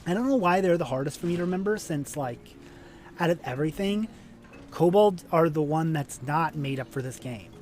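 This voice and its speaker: A man's voice: on the high side, animated, a little fast, soft background music. A man streaming a video game, chatting casually in a rambling, self-deprecating way with false starts.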